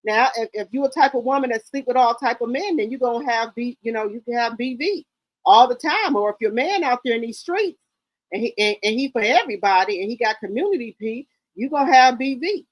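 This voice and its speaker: A woman's voice: on the high side, expressive, a little fast, no room sound, poor audio. Sassy, blunt woman in her fifties. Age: 50s. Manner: blunt, sassy, curses freely. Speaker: livestream host. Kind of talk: casual livestream chat.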